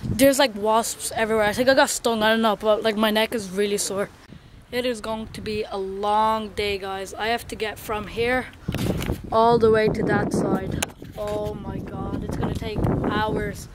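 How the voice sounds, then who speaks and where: A young woman chatting excitedly to her handheld camera while walking around outdoors, filling her talk with "like" and "guys". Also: mid-range voice, normal speed. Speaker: vlogger. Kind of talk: casual travel vlog. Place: outdoors on a hot hillside and beach. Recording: noisy outdoor camera audio with wind.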